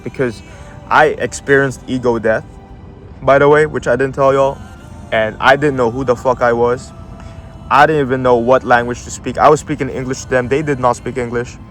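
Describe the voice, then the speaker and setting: A man's voice: mid-range voice, steady tone, moderate pace, a bit bright, soft background music. A young man casually telling a story, swearing a lot and using slang, laughing as he goes. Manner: profane, slangy, laughs often while telling.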